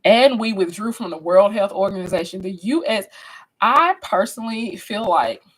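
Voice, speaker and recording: A woman's voice: medium pitch, lively intonation, normal speed, low-quality recording. A woman instructor leading a live online class discussion in a chatty, conversational way, often restarting her sentences and speaking directly to her viewers. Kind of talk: casual live-stream class talk.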